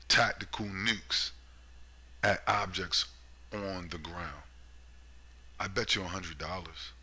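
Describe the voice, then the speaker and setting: A man's voice: low-pitched, bright, forceful tone. A man ranting in a sarcastic, profane, mocking monologue about politics. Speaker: political commentator.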